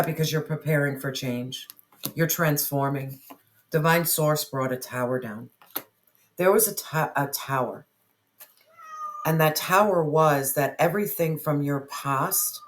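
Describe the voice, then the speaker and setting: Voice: medium pitch, a bit bright, a little hiss or hum. Earnest tarot reader speaking to viewers. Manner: earnest, repeats phrases, talks directly to listener; asks spirit questions aloud while drawing cards. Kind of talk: tarot reading addressed to viewers.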